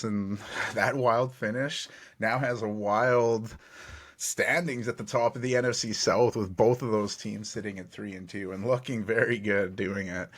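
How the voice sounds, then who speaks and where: A man's voice: medium pitch, fairly bright tone. A man hosting a sports podcast, recapping football games in an upbeat play-by-play way and often correcting himself mid-sentence. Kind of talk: game recap narration.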